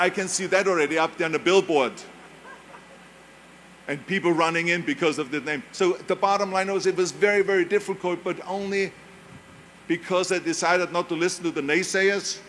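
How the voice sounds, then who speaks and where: This older man, a native German speaker with an Austrian German accent, gives an emphatic motivational talk, telling stories and imitating others' voices. His voice sits high with a sharp tone, and there's a little hiss or hum.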